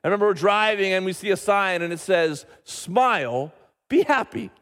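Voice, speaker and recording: A middle-aged man, a pastor, preaching a sermon and telling a family story in an animated way, with frequent restarts. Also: high-pitched, fast, clean tone. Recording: reverberant church hall.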